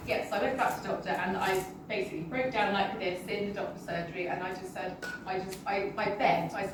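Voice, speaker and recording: A British woman telling her personal health story to an audience in a halting, emotional, apologetic way. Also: mid-range voice, steady tone. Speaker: guest sharing a personal testimony. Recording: roomy, distant, with background noise.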